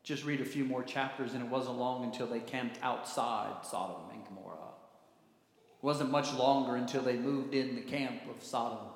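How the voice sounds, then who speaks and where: A male pastor preaching a sermon in a church, with emphatic phrasing that drops low at the ends of lines. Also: normal speed. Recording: echoey hall reverb.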